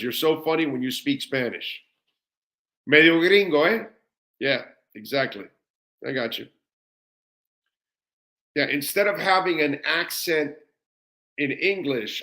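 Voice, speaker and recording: A middle-aged American sports radio host runs a live show, chatting casually and gushing with enthusiasm while answering viewer comments. He rambles with fillers and repeated words, and his mid-range voice is a bit bright.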